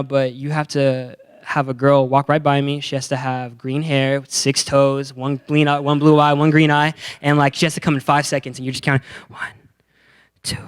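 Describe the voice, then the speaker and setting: A young man giving a youth sermon, energetic and playful, acting out the characters in his stories with slang. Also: fairly high pitch, clear, resonant tone. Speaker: youth pastor.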